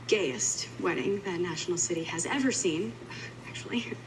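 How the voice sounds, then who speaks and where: An actress playing a devoted female agent in a TV drama, speaking sincerely and warmly to someone she loves. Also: on the low side, moderate pace, slight background noise, lightly acted, rough recording. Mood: heartfelt. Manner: heartfelt, sincere. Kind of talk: TV drama acting.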